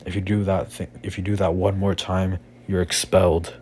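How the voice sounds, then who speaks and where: A man voicing a stern, plain-spoken male teacher who talks in a flat, matter-of-fact way. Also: low voice, normal speed, a little hiss or hum, natural voice.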